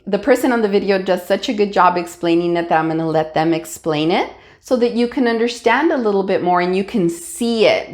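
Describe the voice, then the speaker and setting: Patient woman teacher explaining spelling. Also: lowish voice. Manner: patient and explanatory, many fillers and check-ins. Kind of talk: recorded classroom lesson for young students.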